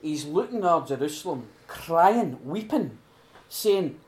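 Guy, middle aged, giving a heartfelt retreat sermon, goes loud then real quiet. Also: a little high, sing-song, slow pace. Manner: earnest and heartfelt, swinging from loud emphasis to hushed prayer. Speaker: speaker at a recovery retreat. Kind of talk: informal sermon talk.

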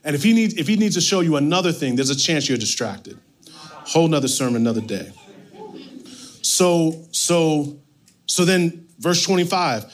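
A male pastor preaching a sermon, reading scripture and retelling it with animated, playful asides. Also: on the high side, moderate pace.

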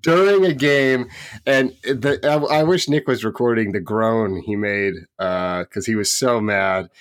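A man's voice: fairly low pitch, a little slow, no room sound, clean studio sound. A man hosting a podcast in casual chat, telling joking anecdotes and laughing often. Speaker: podcast host.

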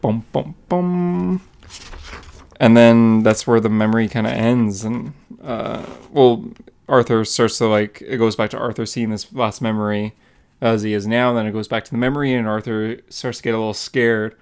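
A young man co-hosting a casual comic book podcast, recapping a story with quick acted-out quotes. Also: lowish voice, level tone, darkish tone, clear, resonant tone. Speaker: podcast co-host.

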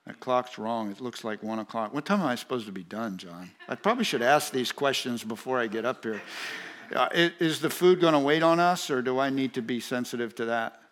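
A man's voice: medium pitch, fairly quick, fairly bright tone. Emphatic preacher man. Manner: emphatic, repetitive preaching with rising intensity; speaks directly to congregation, asides to audience. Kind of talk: sermon.

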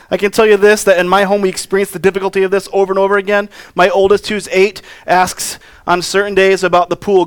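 A man's voice: high-pitched, smooth. A man in his thirties, a pastor, preaching a sermon in an earnest, conversational way with personal stories.

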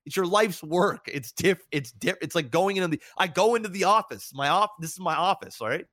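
A man in his thirties, podcast co-host and streamer, speaks fairly quickly in a relaxed chat, open and thoughtful, with his pitch rising when he gets animated. The clean studio recording has no room sound.

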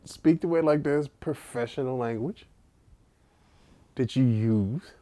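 A man's voice: medium pitch, slow pace, warm tone. A man co-hosting a podcast, telling stories in casual, profane chat with bursts of laughter. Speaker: podcast co-host.

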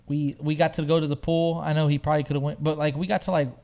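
A man telling a story to a friend in a casual chat, animated and swearing freely. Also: a little high, fast talker. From lives in San Antonio.

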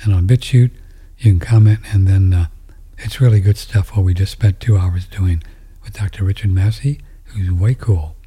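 A man hosting a talk radio show, chatting in a meandering way and trailing off into soft asides. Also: low-pitched, normal speed, slightly rough. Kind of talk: casual rambling talk.

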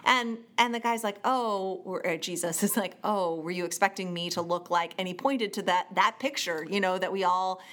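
A woman's voice: fairly low pitch, normal speed, few pauses. A woman in casual podcast conversation who tells stories with energy and acts out the voices of the people in them. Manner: animated storyteller, acts out quoted voices. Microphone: studio microphone.

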